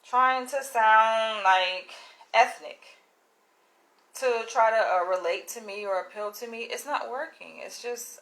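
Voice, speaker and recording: A woman's voice: on the high side, measured pace, rough recording. A woman vlogger ranting bluntly and with exasperation to her audience, swearing as she reads emails aloud. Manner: exasperated, blunt and animated, with profanity. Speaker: YouTuber. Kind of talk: casual vlog rant.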